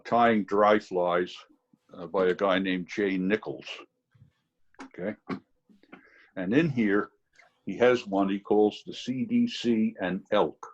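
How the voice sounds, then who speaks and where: A man's voice: lowish voice, darkish tone, husky, muffled recording. A man teaching fly fishing over a video call, telling a rambling story full of fillers. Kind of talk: anecdotal teaching demo.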